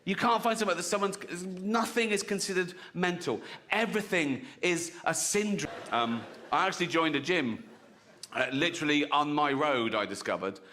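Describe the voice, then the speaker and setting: A man's voice: on the high side, moderate pace, bright, forceful tone. A man performing stand-up comedy, brash and punchy, often chuckling at his own jokes.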